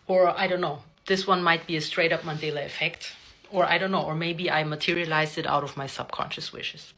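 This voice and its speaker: A young woman casually telling a personal story to camera, chatty and animated, often asking "right?". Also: deep voice, fairly quick, a little hiss or hum.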